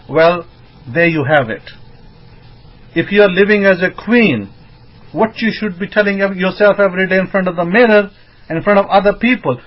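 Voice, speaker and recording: Guy preaching a casual sermon, kinda high voice, gets all fired up, muffled lo-fi audio. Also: moderate pace. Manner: emphatic, rising to excited outbursts. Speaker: rabbi teaching. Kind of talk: informal sermon. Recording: dull lo-fi recording.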